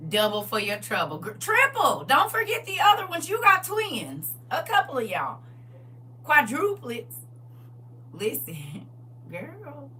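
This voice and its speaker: A woman's voice: high-pitched, slow pace, distant mic, a little hiss or hum. A middle-aged woman hosting a live stream, chatting casually and laughing a lot. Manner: animated, laughing, exclaiming. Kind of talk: casual chat.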